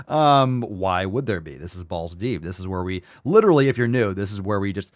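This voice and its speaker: A man's voice: low voice, lively intonation, fairly quick, few pauses, no room sound. A man hosting a podcast, reacting to video clips with mocking, profane commentary. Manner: sarcastic, mocking, swears a lot. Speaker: podcast host.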